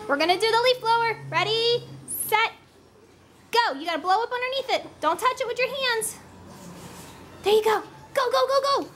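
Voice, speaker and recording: Young mother, very high voice, chatty family vlogger with a handheld camera; noisy home video. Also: measured pace, long pauses, a bit bright. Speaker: mother filming her family. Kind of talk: casual family vlog. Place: at home, indoors and outside.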